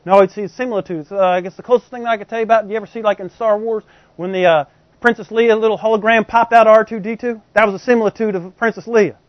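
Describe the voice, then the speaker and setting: A man with a high, bright-pitched voice delivers a sermon, talking to his congregation like a friend and peppering it with rhetorical questions. The recording is dry and somewhat dull, with little room sound. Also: fairly even intonation, rapid-fire, no room sound. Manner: conversational, poses frequent rhetorical questions to the congregation. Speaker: preacher.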